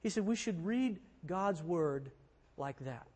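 High-pitched male pastor, earnest chatty sermon, lots of repeating for emphasis, echoey church. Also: expressive, slow, a little mellow. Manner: earnest, conversational preaching with emphatic repetition. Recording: long hall reverb.

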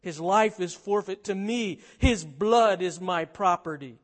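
A man reads out a cold and cruel witch queen from a storybook, gloating over her enemy with slow, pointed words. His voice sits fairly high for a man. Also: long reverb tail. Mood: menacing. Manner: read aloud dramatically, slow and pointed.

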